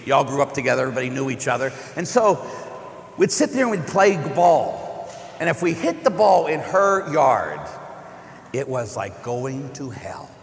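A man who is a Catholic priest, giving a conversational homily as a joking, animated storyteller. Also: mid-range voice, moderate pace. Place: large church. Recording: echoey church with long reverb.

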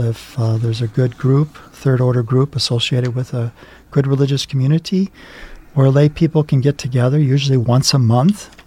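A man's voice: mid-range voice, warm tone. A man co-hosting a talk show, speaking in an earnest, reflective way. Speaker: co-host. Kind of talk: studio talk show discussion.

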